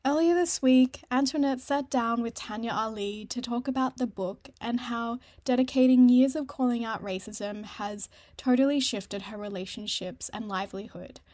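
A woman presenting a scripted podcast introduction in an earnest, measured way. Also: fairly high pitch, a little mellow, dry recording, studio quality.

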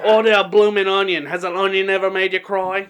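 A man's voice: high voice, level tone, fairly quick, fairly bright tone, clear, resonant tone. A young man in his twenties co-hosting a casual podcast, swearing freely and laughing through his own crude jokes. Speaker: podcast co-host.

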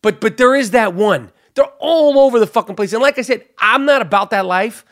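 A man hosting a podcast, ranting loudly and profanely about sports with lots of fillers. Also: high-pitched, expressive, fairly quick, no echo, clean studio sound. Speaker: podcast host.

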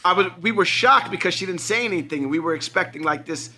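This middle-aged man co-hosts a podcast and chats casually. His voice is fairly high and very bright, and he tells stories with excitable energy. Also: quick pace. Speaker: podcast co-host. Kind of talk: casual chat.

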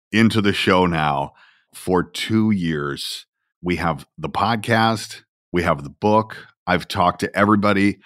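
A man hosting a podcast, talking casually in an unhurried, reflective storytelling way. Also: low voice, fairly bright tone, dry recording, clean studio sound. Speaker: podcast host.

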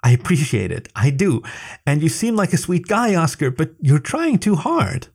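A man voicing a brisk female beaver detective in a storybook reading, with an urgent, raised voice. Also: on the high side, big pitch swings, gravelly, a little mellow, breathy edge, voice pushed up, exaggerated voice. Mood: gentle.

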